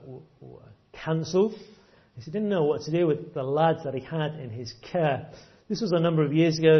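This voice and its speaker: A man's voice: mid-range voice, highs cut off. A man preaching a sermon, earnest, often repeating words as he stresses a point.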